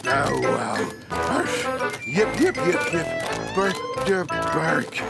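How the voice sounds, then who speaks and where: Garfield, a sarcastic cartoon cat. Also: male voice, fairly high pitch, sing-song, extremely slow, vocal fry, full character voice. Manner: sarcastic, smug, drawling. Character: lazy sarcastic male orange cartoon cat. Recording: music bed under dialogue.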